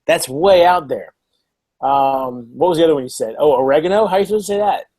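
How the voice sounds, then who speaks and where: Animated American man, easily incredulous. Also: a little high, fast talker. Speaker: co-host of a board game live chat. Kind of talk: casual chat.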